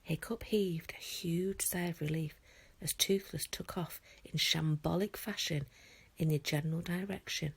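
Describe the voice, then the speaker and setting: A woman teacher reading a children's storybook aloud in a hushed, half-whispered way. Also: sits low, fairly even intonation, measured pace, gravelly, slightly rough. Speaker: primary school teacher.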